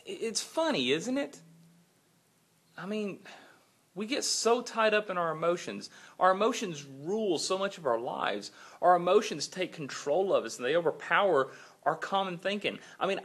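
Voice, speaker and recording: A father recounting a sleepless night in a casual video blog, retelling his own quoted lines with animation. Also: high voice. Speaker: father and church volunteer. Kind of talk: personal video blog storytelling.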